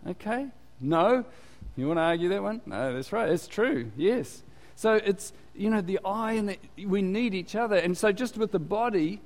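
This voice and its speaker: In a church with the long reverb of a hall, a male pastor gives a conversational sermon, often asking the congregation questions and pausing for replies. He is chatty, and his voice sits high with a darkish tone.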